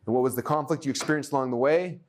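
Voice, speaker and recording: A man teaching a live workshop to an audience, energetic and excitable, acting out his own thoughts as he goes. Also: medium pitch, very fast.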